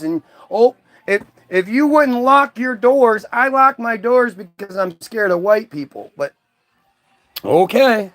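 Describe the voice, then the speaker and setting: High-voiced man ranting at commenters. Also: lively intonation, slow pace, fairly bright tone. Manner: mocking, confrontational, profane. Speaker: livestream host.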